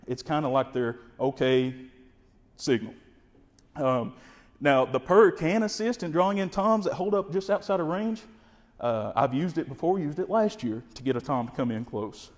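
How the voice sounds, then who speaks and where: A man with a Kentucky accent, explaining turkey calling in a folksy, energetic way and imitating the birds. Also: on the high side, long reverb tail. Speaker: wildlife information specialist. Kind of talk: instructional explanation.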